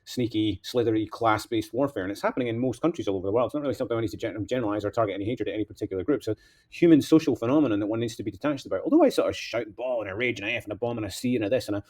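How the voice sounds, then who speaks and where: A man's voice: on the low side, very fast, a little mellow. A man delivering a rambling political monologue as a candidate, impassioned, veering between outbursts and mutters.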